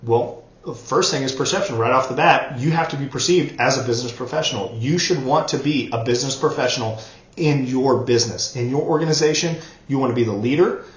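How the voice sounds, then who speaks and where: A network marketing trainer delivers an earnest motivational talk, repeating words for emphasis while sounding choked up and coughing. His medium-pitched voice moves a little fast, and the recording has a roomy, dull lo-fi quality.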